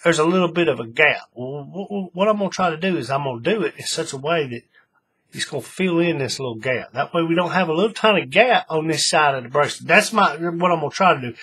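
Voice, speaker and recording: A man's voice: on the high side, expressive, fast talker, a bit bright, slightly rough. A man hosting a hands-on craft tutorial, chatting in a folksy way to his viewers while he works. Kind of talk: casual hands-on craft demonstration.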